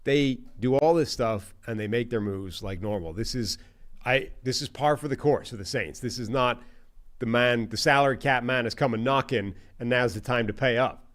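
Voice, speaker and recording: A man's voice: medium pitch, normal speed, a bit bright. A man co-hosting a sports podcast, arguing his points in a dry, dismissive way. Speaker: podcast co-host. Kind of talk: casual sports chat.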